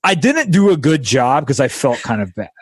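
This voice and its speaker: A man's voice: medium pitch, big pitch swings, normal speed, breathy edge, no room sound, studio quality. A young man hosting a podcast, telling a story in a rambling, casual way with lots of fillers and restarts, recorded at a friend's house. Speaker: podcast host.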